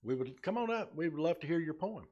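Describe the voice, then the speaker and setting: A man's voice: fairly high pitch, animated, a little mellow, dull audio. A man serving as mayor, chairing a city council meeting and reading a formal proclamation. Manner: brisk procedural, reads proclamation emphatically.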